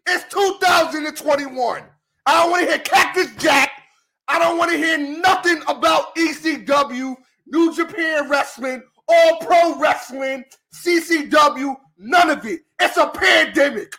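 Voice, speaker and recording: A man co-hosting a wrestling talk show, ranting and shouting in exasperation. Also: extremely high pitch, measured pace, gravelly. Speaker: podcast co-host.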